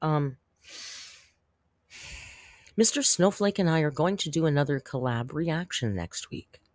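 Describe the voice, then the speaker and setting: A man's voice: on the high side, lively intonation, a little slow, no echo, clean studio sound. A man hosting a casual livestream, chatting with viewers in a rambling, self-deprecating way and laughing often. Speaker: YouTube commentary host.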